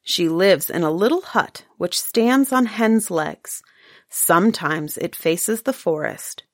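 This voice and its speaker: A woman's voice: fairly low pitch, animated, takes it slowly, dry recording, studio quality. A woman voicing a kindly old grandfather who tells folk tales to his grandchildren. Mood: telling tales.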